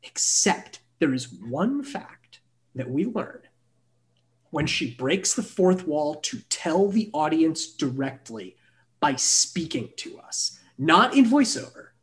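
A man co-hosting a casual film podcast, animated and swearing freely as he argues his point. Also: fairly high pitch, takes it slowly. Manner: animated, swears freely, launches into mocking asides. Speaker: podcast co-host. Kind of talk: casual film review chat.

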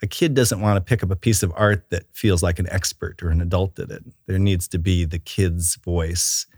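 A middle-aged man with a very low voice tells stories in an eager, rambling interview manner, full of fillers and restarts. His voice sounds close and dry, with no room sound around it. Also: fairly even intonation, normal speed, darkish tone, dry recording. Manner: enthusiastic and storytelling, with many fillers and restarts. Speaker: children's book author and illustrator. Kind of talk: relaxed interview chat.

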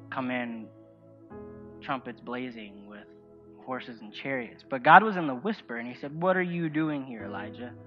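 A man preaching a sermon, reading scripture and telling a personal story while asking the congregation questions. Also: mid-range voice. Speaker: pastor. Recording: dull lo-fi sound with faint music.

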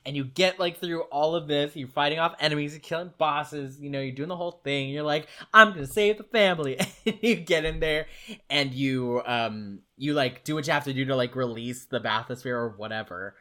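A man's voice: medium pitch, moderate pace. A man in casual conversation, animatedly retelling moments from a video game and laughing as he talks. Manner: animated storytelling, laughs while talking.

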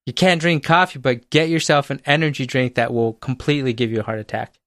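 A man's voice: medium pitch, fairly even intonation, fast talker, a bit bright, no echo, studio quality. A young man co-hosting a podcast, telling stories in casual chat, laid-back and swearing freely. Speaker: podcast co-host.

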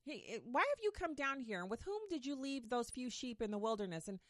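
Lady putting on a snippy older brother voice, high and scolding, dry room. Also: animated, fairly quick, fairly bright tone, no room sound. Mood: indignant. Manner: indignant, scolding. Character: scornful young man, an older brother.

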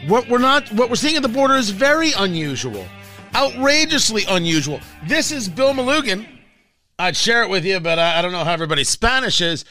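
Combative high-voiced talk radio host. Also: male voice, very animated, brisk, pushed and bright, faint music behind. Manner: combative, sarcastic, emphatic. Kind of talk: opinionated political talk radio monologue.

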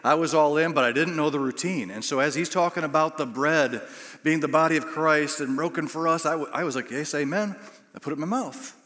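A middle-aged male pastor delivers a sermon, telling stories against himself and voicing the people in them. His voice sits a bit high for a man. A long reverb trails his words around the large church hall. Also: a little fast, fairly bright tone. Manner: self-deprecating storytelling with acted quotes.

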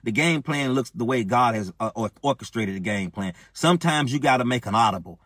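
A man's voice: medium pitch, expressive, brisk, fairly bright tone, no room sound, studio quality. A man preaching a sermon with impassioned, repetitive phrasing and a speech-preaching cadence.

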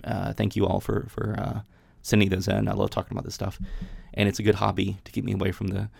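A man's voice: lowish voice, monotone, fast talker, gravelly, darkish tone, slightly rough, no room sound, studio quality. A man hosting a podcast, reading Bible passages aloud and talking them over casually, with frequent restarts. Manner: reads scripture aloud then chats about it with many restarts. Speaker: podcast host.

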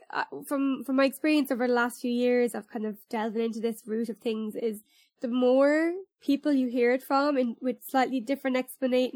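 A woman's voice: sits high, a little mellow, no echo, clean studio sound. A woman in casual chat, thoughtful, reworking her phrasing as she talks.

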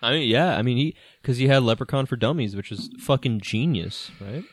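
A man co-hosting a podcast, recapping a film in animated casual chat, swearing and laughing often. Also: mid-range voice, a little fast, no echo, clean studio sound. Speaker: podcast co-host.

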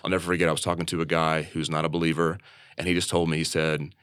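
A low-pitched man speaks earnestly on a podcast about faith, telling his own story in a candid, conversational way. He often restarts and repeats words as he thinks aloud. The sound is close and dry, with no room echo. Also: flat delivery, fast talker, fairly bright tone, clean tone. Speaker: church leader and podcast co-host.

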